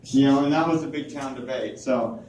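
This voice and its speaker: A man's voice: medium pitch, normal speed, a little mellow, a little hiss or hum. A man doing a stand-up comedy set at a small club, with a rambling, filler-heavy delivery. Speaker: stand-up comic. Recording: echoey room from far off.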